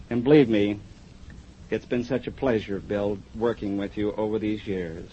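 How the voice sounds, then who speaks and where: Judge giving a jokey tribute on old radio, warm low-key voice, muffled sound. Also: male voice, moderate pace. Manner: genial, warmly joking. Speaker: judge presenting an award. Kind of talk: formal radio tribute speech. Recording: dull 1950s radio broadcast with faint hiss.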